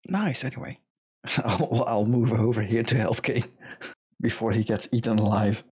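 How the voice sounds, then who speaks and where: A man's voice: lowish voice, steady tone, unhurried, a little mellow, husky. A man playing an online tabletop game, laid-back and matter-of-fact. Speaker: player. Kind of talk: casual tabletop play.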